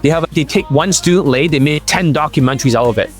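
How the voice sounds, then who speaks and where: A man talking straight to camera as a dating coach, blunt and profane, in a slightly high voice. He keeps stopping to check that the listener follows. Faint music plays under him. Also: fast. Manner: blunt and profane, keeps asking "does that make sense?". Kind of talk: Q&A monologue to camera.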